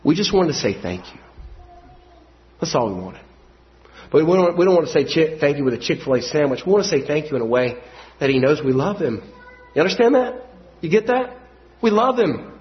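A man preaching a sermon, moving between quiet storytelling and loud, emphatic passages. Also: a little high, expressive, fairly quick, pauses often. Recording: dull lo-fi sound.

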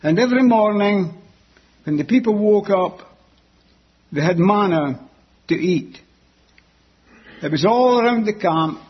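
A man preaching a sermon that explains a Bible passage, deliberate and repeating key words for emphasis. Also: high-pitched, breathy edge, muffled recording.

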